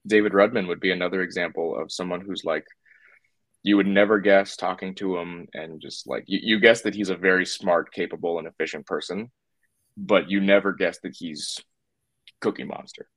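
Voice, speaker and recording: A man's voice: low voice, fairly even intonation, brisk, a bit bright, no echo. A man talking as a puppeteer guest in a casual interview, rambling with lots of fillers and restarts.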